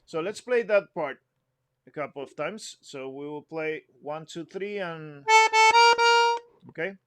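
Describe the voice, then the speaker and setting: A man's voice: on the high side, a little slow, over loud music. A man giving an instrument lesson, explaining phrasing patiently, humming example phrases and counting the group in. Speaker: music teacher.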